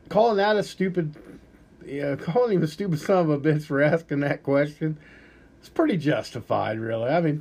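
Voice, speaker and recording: A man's voice: fairly high pitch, darkish tone, breathy edge. A man hosting a podcast, giving rambling, profane, blunt political commentary in a casual way. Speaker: podcast host.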